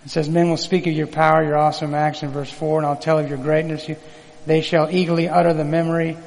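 A man's voice: fairly high pitch, flat delivery, quick pace, vocal fry, darkish tone, in a large hall, rough recording. A man preaching a sermon in a folksy, conversational way, calling on the congregation to repeat words back. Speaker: pastor.

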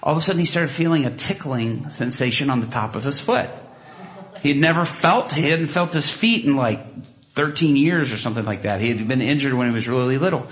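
A man preaching and telling a story, animated, with many restarts and asides, jumping into loud, high bursts when he acts out what people said. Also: a little fast. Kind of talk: sermon storytelling. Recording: dull lo-fi sound.

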